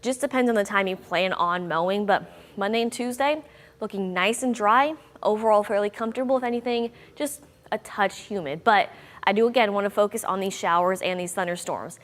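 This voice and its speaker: A woman's voice: medium pitch, a little fast. Upbeat woman meteorologist, long reverb. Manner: upbeat, conversational, bouncy emphasis. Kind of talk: chatty weather forecast.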